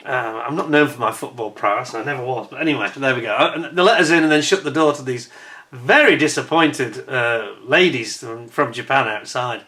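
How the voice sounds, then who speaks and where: Man, vlog storytelling, bright forward tone, fairly high voice, chatty and animated. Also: a little fast. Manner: animated, chatty, frequent restarts and laughs. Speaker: vlogger. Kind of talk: casual anecdotal storytelling.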